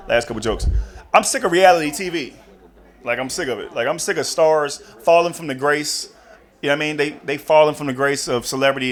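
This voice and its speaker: A young man performing a chatty stand-up comedy routine on a club stage. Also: medium pitch. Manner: animated, chatty, many "you know what I mean".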